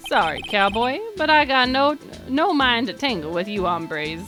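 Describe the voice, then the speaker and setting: A woman's voice: fairly high pitch, expressive. A woman voicing a laid-back middle-aged male cowboy officer with a put-on Texan drawl, over video game music. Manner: folksy drawl, slow and easygoing. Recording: game music playing behind.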